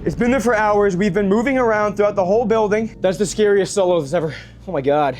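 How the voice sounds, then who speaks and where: A young man vlogging alone in an old house at night, addressing spirits quietly and shrieking and swearing when startled, hoarse from screaming. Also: high-pitched, quick pace, slight background noise. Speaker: ghost-hunting vlogger. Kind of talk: excited paranormal vlog.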